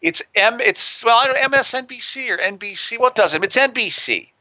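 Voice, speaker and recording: A man's voice: very high voice, lively intonation, a little fast, sharp tone, no echo, highs cut off. A man in an interview telling stories in a brash way and swearing freely. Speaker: guest, prison consultant. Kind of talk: profane storytelling in an interview. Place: near a big city on the US West Coast.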